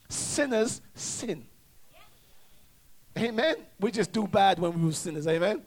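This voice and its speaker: High-voiced preacher calling for amens. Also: male voice, expressive, measured pace, long pauses. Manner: call-and-response, stammering restarts. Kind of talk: sermon.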